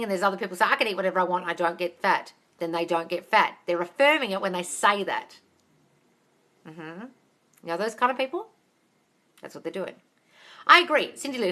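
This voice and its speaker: A woman's voice: on the high side, pushed and bright. A woman answering viewer questions on a live stream as a manifestation coach, upbeat and encouraging, calling listeners "darling" and swearing casually, recorded on a phone. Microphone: phone camera.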